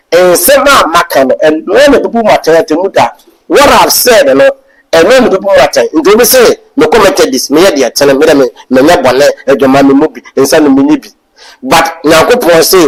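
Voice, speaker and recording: A young man with a Ghanaian accent preaching at a Bible class, switching between loud exhortation and quiet asides. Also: low-quality recording. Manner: animated, swings from loud exhortation to low asides. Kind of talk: sermon mixing English and Twi.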